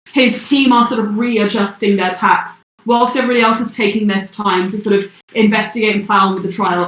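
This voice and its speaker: A woman's voice: medium pitch, fairly bright tone. A woman narrating as game master for a tabletop game, hesitant and full of fillers. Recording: echoey room.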